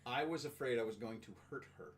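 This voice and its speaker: A man's voice: mid-range voice, a little hiss or hum. A man co-hosting a podcast, chatting casually with his wife and acting out little dialogues. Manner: jokey, acts out quick back-and-forth dialogues. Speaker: podcast co-host. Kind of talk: casual chat.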